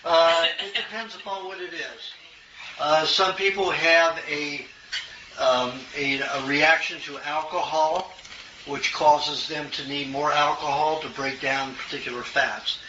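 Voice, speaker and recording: An older man from the American South answering questions from an audience in a relaxed, storytelling way, chuckling now and then. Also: fairly high pitch, measured pace. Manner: folksy storytelling, chuckles often. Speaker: health lecturer. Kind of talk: casual Q&A talk. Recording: roomy, distant, muffled, noisy room recording.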